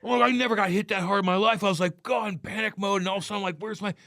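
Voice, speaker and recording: Profane, animated man co-hosting a podcast. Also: high-pitched, racing, dry recording, studio quality. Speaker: podcast co-host. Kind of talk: casual sports chat.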